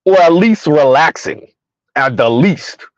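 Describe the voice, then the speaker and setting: A man's voice: fairly high pitch, lively intonation, a little slow, no echo, lo-fi sound. A man hosting a ranting commentary video, heated and repetitive, firing rhetorical questions at his viewers. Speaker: commentary channel host.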